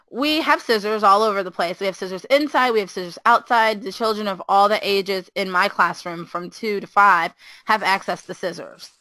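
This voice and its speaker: A woman, a preschool teacher, chatting casually and telling an animated story, acting out the quotes with a higher voice. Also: normal speed, dry recording, rough recording.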